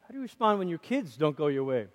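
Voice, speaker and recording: A man preaching a conversational sermon as a pastor, lively and acting out quoted voices, in a church. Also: fairly high pitch, quick pace, in a large hall. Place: church sanctuary.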